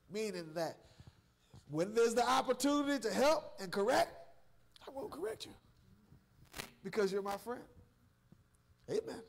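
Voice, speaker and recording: In a church sanctuary, a male pastor from Georgia delivers a call-and-response sermon, teasing his congregation and calling out to them in a Southern accent. His high, gravelly voice is expressive and measured, broken by long pauses.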